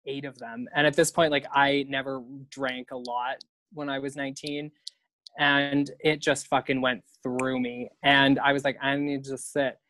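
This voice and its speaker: A man's voice: medium pitch, little pitch movement, normal speed, bright, forceful tone, no echo. A young man spins a story in casual chat, talking loosely, swearing and laughing as he goes. The recording is dry and close, with no room sound. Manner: chatty, swears freely, laughs often.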